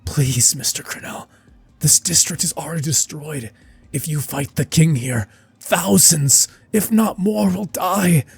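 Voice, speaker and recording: A terrified guild clerk stammers in a squeaky, raised voice, as a male narrator acts him out. The tone is thin and high above the narrator's own, with a husky edge. It suits a dramatic anime fan story. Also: moderate pace, dark tone. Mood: pleading fear.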